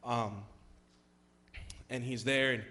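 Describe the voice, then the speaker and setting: Young male youth pastor, mid-pitched, chatty sermon delivery with fillers, building to loud emphatic peaks. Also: fairly even intonation, takes it slowly. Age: young adult. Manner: conversational, many fillers, rises to loud emphatic passages. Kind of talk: sermon with storytelling.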